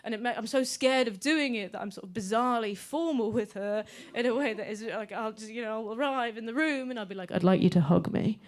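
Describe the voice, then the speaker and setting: A woman's voice: on the high side, a little fast, hardly any pauses. Bantering woman doing stand-up crowd work. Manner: bantering, swears freely. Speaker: stand-up comedian. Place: comedy club stage.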